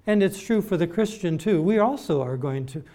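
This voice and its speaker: A man preaching a sermon, emphatic and deliberate, repeating words as he builds his points. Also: high voice, expressive, dark tone.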